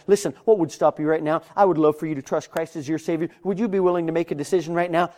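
A man delivers a sermon as a story, acting out conversations at people's doorsteps and getting loud and high-pitched when animated. He talks fast with barely any pauses.

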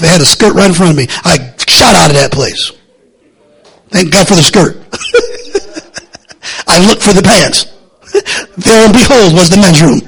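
A man pastor preaching a rambling sermon in a church, laughing between asides and building to shouting. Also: sits high, gravelly, slightly rough. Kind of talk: fiery sermon.

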